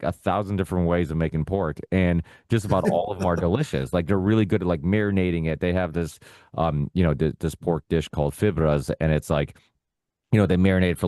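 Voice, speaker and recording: A young man with a very low, deep voice chats as a podcast guest. He rambles loosely, piling on fillers as he tells family stories. The sound is dry and close, with no room around it. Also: darkish tone, no echo. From United States, Portuguese immigrant family. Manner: rambling, heavy with fillers like "you know" and "like". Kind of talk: casual conversational storytelling.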